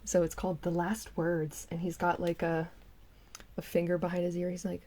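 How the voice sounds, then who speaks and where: A woman's voice: on the low side, little pitch movement, brisk, mellow. A young woman giving casual, mocking commentary on online videos. She swears freely and laughs often.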